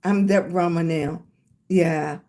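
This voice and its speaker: A woman's voice: on the low side, fairly even intonation, takes it slowly, dark tone. Older woman, Southern US accent, casual livestream chat, phone mic, calls viewers sweetie and baby. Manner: chatty, thanks viewers by name with endearments. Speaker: livestream host.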